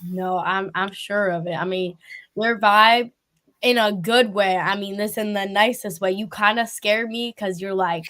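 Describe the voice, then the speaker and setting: A woman's voice: mid-range voice, fairly even intonation, moderate pace, sharp tone. Chatty laughing woman interviewer. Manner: chatty, laughing, rambling with fillers. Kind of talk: casual interview chat.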